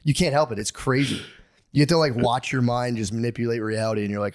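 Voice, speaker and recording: A man in his thirties co-hosting a podcast, rambling and excitable, acting out quotes as he tells stories. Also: medium pitch, quick pace. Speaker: podcast co-host. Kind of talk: casual chat. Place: podcast studio.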